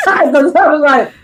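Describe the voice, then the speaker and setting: A woman's voice: sits high, low-quality recording. A woman co-hosting a casual review stream, playful and teasing in easy chat. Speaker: co-host.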